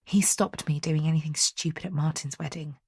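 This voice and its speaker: A woman voicing a smitten young woman who speaks in a hushed, secretive, amused whisper. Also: low-pitched, steady tone, normal speed, slightly rough, dry recording, exaggerated voice. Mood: hushed, smiling.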